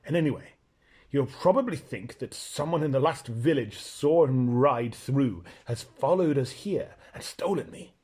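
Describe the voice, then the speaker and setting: A man reading aloud, voicing a proud and blunt talking male horse who lectures in a brisk, scornful way. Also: medium pitch, expressive, a little mellow, husky. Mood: planning.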